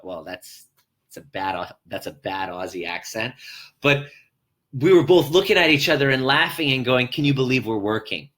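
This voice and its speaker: A man's voice: mid-range voice, moderate pace, a bit bright. A man talking as a life coach on a motivational live stream from a hotel room, speaking earnestly to viewers and repeating his key phrases.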